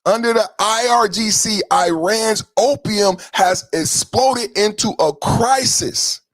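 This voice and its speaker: Speaking slowly with no echo, a male podcast host goes on a combative, profane political rant during a livestream. He berates his chat and keeps repeating his points, his volume rising and dropping between loud and low.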